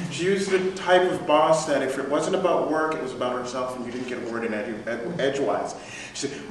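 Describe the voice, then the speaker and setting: A man's voice: mid-range voice, fairly quick, a little hiss or hum. A man telling a dry, amused story live on a theater stage. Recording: echoey theater, distant mic.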